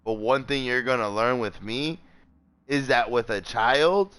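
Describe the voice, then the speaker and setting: A young man, a gaming streamer, tells a long personal story in casual chat, rambling and swearing often. His mid-range voice is clear and resonant, and he speaks unhurriedly. He's animated and acts out the people he quotes.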